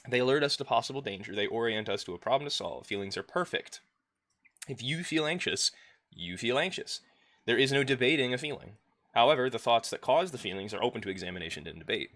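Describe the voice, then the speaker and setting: A man's voice: medium pitch, expressive, fast, fairly bright tone, no echo. A man reading a self-help workbook aloud on a live stream at home, now and then stopping to chat with his viewers. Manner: reads a text aloud and breaks off to chat with viewers and pets.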